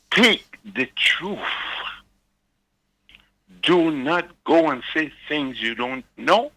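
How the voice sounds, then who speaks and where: A man's voice: on the high side, animated, very slow, pauses often, bright, forceful tone, low-quality recording. An older man calling in to a radio show, pleading earnestly and repeating "sir". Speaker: caller. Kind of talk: pleading call-in remarks.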